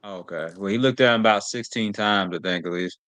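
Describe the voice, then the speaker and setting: A man's voice: fairly low pitch, brisk, a bit bright, no room sound. A man co-hosting a casual podcast with laid-back, dry humor.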